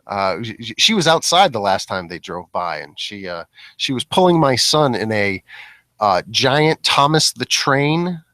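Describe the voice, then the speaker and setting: A man's voice: mid-range voice, sing-song, a little slow, pushed and bright, no room sound, rough recording. A young man hosting a casual comedy podcast, rambling and joking with many restarts. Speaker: podcast host.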